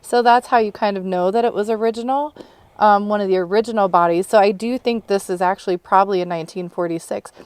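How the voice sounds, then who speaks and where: A woman co-hosting a car restoration video, chatting casually, excited and laughing often. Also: mid-range voice, quick pace, smooth, dry recording. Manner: bubbly and excited, laughs often, rambling explanations. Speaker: co-host and producer of a car restoration channel. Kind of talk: casual on-camera chat.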